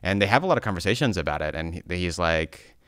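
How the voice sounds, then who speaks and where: Low-voiced man, easygoing casual host. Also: animated, quick pace, fairly bright tone, clear, resonant tone, no echo, studio quality. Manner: easygoing, asks questions, gives frequent affirmations. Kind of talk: casual conversation.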